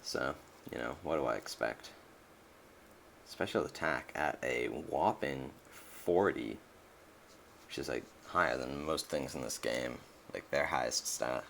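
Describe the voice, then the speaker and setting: Very low gravelly young man rambling. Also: a little slow, fairly bright tone, slight background noise. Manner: rambling, many fillers and restarts. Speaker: let's play commentator. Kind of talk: casual gameplay commentary.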